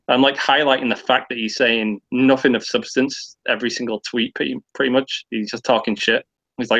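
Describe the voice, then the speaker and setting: A man's voice: medium pitch, fairly even intonation, fast, a bit bright, muffled recording. A man on a casual online stream, ranting at length with lots of swearing and filler words. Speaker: guest on a stream. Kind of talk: casual chat.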